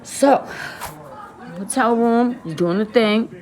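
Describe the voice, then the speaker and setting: A woman's voice: on the high side, slow pace, darkish tone. New woman telling a true story. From the Bronx, New York. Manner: emphatic and repetitive, talks straight to her viewers. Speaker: vlogger. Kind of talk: casual confessional storytelling to viewers.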